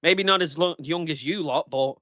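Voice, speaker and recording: Ranting man in his thirties, bright voice. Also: on the high side, moderate pace, dry recording, studio quality. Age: 30s. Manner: heated, ranting, swears freely. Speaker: podcast guest. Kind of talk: casual podcast chat.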